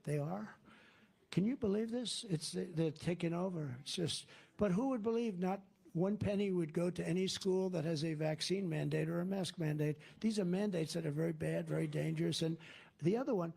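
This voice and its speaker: Gravelly man rambling through a rally speech. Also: high-pitched, moderate pace, mellow. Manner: rambling, digressive, repetitive. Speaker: political candidate. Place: campaign rally.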